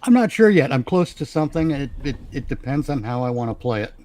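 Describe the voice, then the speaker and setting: Man, guest, casual group chat, halting, repeats words, mid-pitched. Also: very animated, a little mellow.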